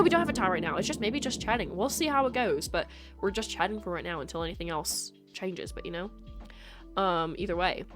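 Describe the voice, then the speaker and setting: Chatty joking young woman streamer. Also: mid-range voice. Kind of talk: casual live-stream chat.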